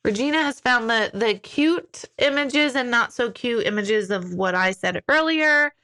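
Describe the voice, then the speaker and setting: A woman in her forties hosting a casual live stream, reading viewer comments aloud and speaking candidly, acting out quotes with big jumps in pitch. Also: lively intonation, measured pace, pushed and bright.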